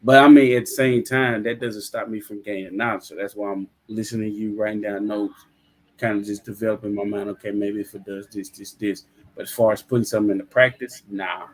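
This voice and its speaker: A man's voice: on the low side, fairly even intonation, a little fast. A man in casual chat about his trading, speaking in a loose, rambling, agreeable way. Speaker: guest trader.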